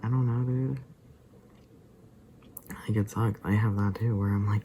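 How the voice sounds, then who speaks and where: Vlogger, male, low and gravelly, mellow tone, rambling casual talk that slips into whispers. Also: little pitch movement, unhurried, pauses often, slight background noise, poor audio. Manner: often drops to a soft unvoiced whisper; loose and rambling, full of fillers and asides.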